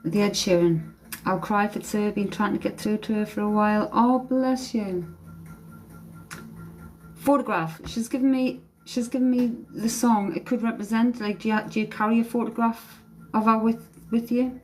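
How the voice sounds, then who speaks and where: A woman's voice: mid-range voice, fairly even intonation, moderate pace, rough recording. A woman working as a psychic medium, giving a live-stream reading in a hesitant way, repeating phrases and humming song lines, speaking into a phone.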